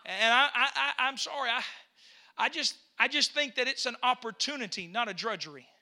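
A pastor preaching with fervor, his voice climbing to shouts and his words repeating as he builds. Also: very high-pitched, fairly quick. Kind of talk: impassioned preaching.

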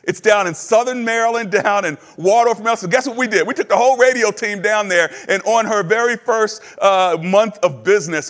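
Guy preaching a sermon, kinda high voice, tells stories, dips quiet then gets loud and excited. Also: big-room sound. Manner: storytelling preacher, asks the crowd questions; swings from low and quiet to high and emphatic. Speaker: pastor.

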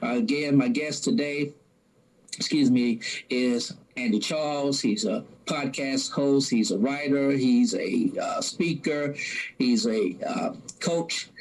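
A man's voice: mid-range voice, a little mellow, low-quality recording. Male podcast host, mid-range voice, chatty and easygoing. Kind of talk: casual interview sign-off.

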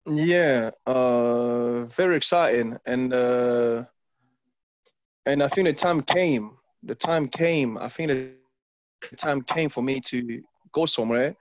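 Animated former footballer, man, dull lo-fi. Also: mid-range voice, slow pace, no room sound. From London. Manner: animated, repeats phrases, acts out his past self. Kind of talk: casual interview storytelling. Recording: dull lo-fi dry sound.

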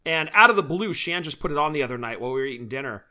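Chatty co-host, male, bright and eager, upbeat casual podcast talk. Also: on the high side, expressive, very fast. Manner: enthusiastic, chatty, laughs often. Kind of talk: casual chat.

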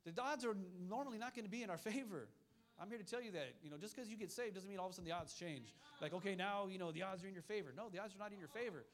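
A man preaching a sermon with a high voice that rattles along at a fast clip. He hammers his points home through repetition and throws quick asides out to the congregation. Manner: fiery, repetitive preaching with call-and-response asides. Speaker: pastor.

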